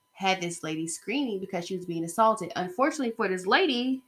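A woman's voice: mid-range voice, fairly bright tone. A woman talking in a casual opinion vlog, rambling and emphatic as she speaks straight to her viewers. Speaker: vlogger.

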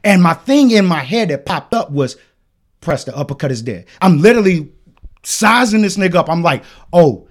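Male podcast host, casual storyteller, profane, very expressive pitch. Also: normal speed. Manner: animated, profane storytelling, acting out the other people's lines.

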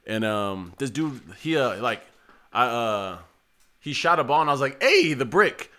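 A man talking casually with friends on a podcast, full of cursing and "like." His voice is bright and swings widely in pitch. He tells stories with loose energy. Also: normal speed, clear, resonant tone. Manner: animated storytelling, lots of "like" and cursing. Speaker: podcast co-host. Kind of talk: casual chat.

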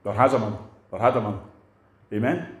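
A man's voice: fairly low pitch, fast talker, roomy sound. An older man preaching a sermon in a conversational way, putting rhetorical questions to his congregation.

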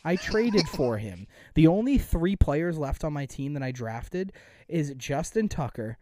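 Brief: a young male podcast host, raised pitch, rambling casual delivery. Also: sing-song, a little slow, warm tone, dry recording, clean studio sound. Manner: rambling, filler-heavy. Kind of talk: casual sports chat.

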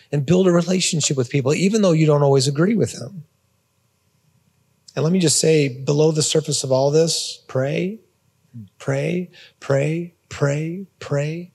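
Husky-voiced man preaching in a reverberant hall. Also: high voice. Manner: conversational, repeats words, informal asides. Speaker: pastor. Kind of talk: sermon. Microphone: phone or portable device.

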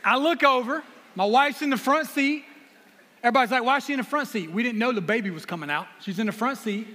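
A fast-talking guest preacher from South Carolina, his very high voice sounds pushed and bright. His sermon leans on earnest personal anecdotes and jokes at his own expense, with the long reverb of a large hall behind it.

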